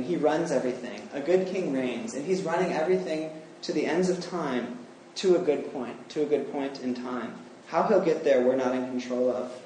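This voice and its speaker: A man's voice: medium pitch, darkish tone. A man preaching a sermon in an earnest manner, leaning hard on the key phrases. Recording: roomy sound from a distant mic with faint noise.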